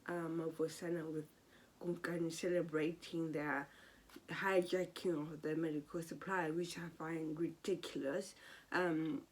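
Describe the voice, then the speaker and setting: A woman giving a casual, animated and exasperated recap of a soap opera episode. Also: fairly low pitch.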